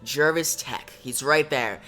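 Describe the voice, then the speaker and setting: A man casually retelling a comic book story, excited and talking to his viewers directly. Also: mid-range voice, slow pace. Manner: excited, addresses viewers as guys. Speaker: comic reviewer.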